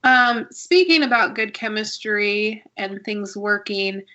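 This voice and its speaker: A woman's voice: mid-range voice, takes it slowly, pushed and bright, muffled recording. A woman hosting a podcast, chatting casually and giving opinions on shows with frequent restarts. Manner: talkative, many restarts, opinionated. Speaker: podcast host. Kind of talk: casual review chat.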